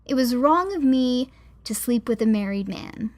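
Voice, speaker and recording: A woman narrator voicing a young, heartbroken woman who lashes out in sharp, angry outbursts. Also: on the high side, lively intonation, normal speed, close to an everyday voice. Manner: sharp, lashing out.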